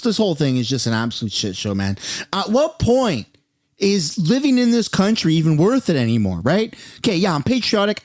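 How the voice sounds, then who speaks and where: A man's voice: sits high, no room sound, studio quality. A man from Canada, a commentary host, ranting angrily and with lots of profanity about the state of the country. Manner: angry, profane, exasperated.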